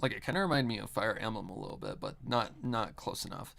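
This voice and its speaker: A man's voice: fairly low pitch, lively intonation, fast, vocal fry, a bit bright. A man chatting casually on a live stream while he works, rambling with a lot of filler words and frequent swearing.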